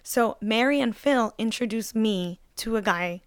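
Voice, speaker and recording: A woman's voice: on the high side, unhurried, smooth, no echo, studio quality. A young woman animatedly telling a casual story, laughing often and swearing casually as she talks.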